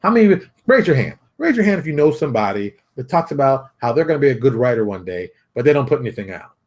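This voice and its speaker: A man's voice: mid-range voice, very animated, fast talker, darkish tone. A man hosting his own show, ranting bluntly and repeating himself as he mocks others. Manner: brash, repetitive, mocking put-on voices. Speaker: show host. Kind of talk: blunt motivational rant.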